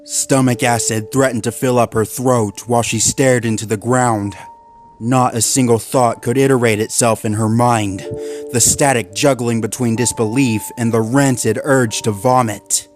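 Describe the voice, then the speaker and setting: A man narrating a dark horror story in a measured, steady voice. His pitch sits in an ordinary middle range. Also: faint music behind.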